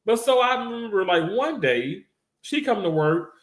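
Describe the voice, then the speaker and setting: A man's voice: high voice, normal speed. Chatty man telling a story, echoey room. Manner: rambling, animated, laughs often, acts out quoted voices. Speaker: storyteller recounting a workplace incident. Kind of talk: casual storytelling to viewers.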